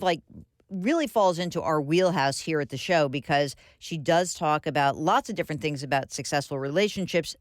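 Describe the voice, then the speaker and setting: A woman's voice: deep voice, dry recording. A woman hosting a radio interview in a studio, chatty and enthusiastic, with frequent fillers. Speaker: radio show host. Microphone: studio microphone.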